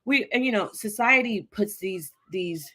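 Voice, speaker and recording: A woman's voice: medium pitch, expressive, fairly bright tone. A woman co-host in a casual chat, rambling with plenty of "like" and "you know.". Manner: rambling, lots of fillers, quick bursts.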